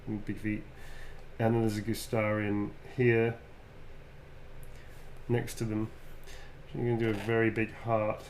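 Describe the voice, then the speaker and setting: A man's voice: lowish voice, completely flat delivery, unhurried, pauses often, a little hiss or hum. A man who is a guest actor, chatting playfully and muttering to himself as he signs autographs. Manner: playful, mutters while writing. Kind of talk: casual chat while signing. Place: indoor signing session.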